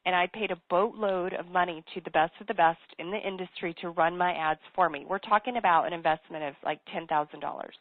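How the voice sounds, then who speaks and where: A woman's voice: lowish voice, quick pace, hardly any pauses. A woman guest, a business coach, tells her story in an interview in an earnest, emphatic way and repeats key phrases. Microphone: telephone. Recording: tinny phone line, dry.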